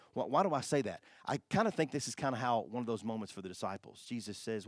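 A pastor preaching a sermon, animated, swinging from hushed asides to loud exclamations. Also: male voice, mid-range voice, quick pace, few pauses, no room sound, clean studio sound.

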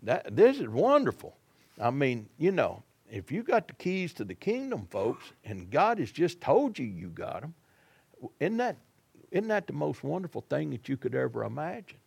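A man's voice: on the high side, wildly swooping pitch, normal speed, vocal fry, a little mellow, breathy edge. A man preaching a sermon in a folksy, dramatic way, acting out the people in the story.

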